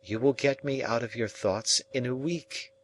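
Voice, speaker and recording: A man's voice: mid-range voice, moderate pace, slight background noise, pitched above the performer's own voice, natural voice, rough recording. A man reading the part of a cold, proud young woman who speaks with cool contempt, in a storybook reading. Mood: dismissive.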